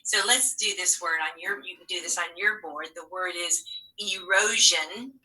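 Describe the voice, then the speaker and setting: Bright-voiced teacher, far from the mic. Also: female voice, lowish voice, moderate pace. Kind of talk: remote phonics lesson.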